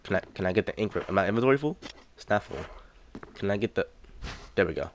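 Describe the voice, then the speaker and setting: A young man with a low, deep voice talks his way through a horror game, muttering to himself and repeating his lines. A faint hiss of noise sits under the recording. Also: expressive, quick pace. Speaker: gaming YouTuber. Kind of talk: let's play commentary.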